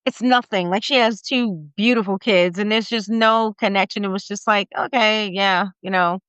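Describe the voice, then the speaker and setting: A woman in her forties, a podcast guest, retelling a personal story in a halting, emotional way with many fillers. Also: mid-range voice, steady tone, a bit bright, clean tone, dry recording. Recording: slightly muffled dry recording.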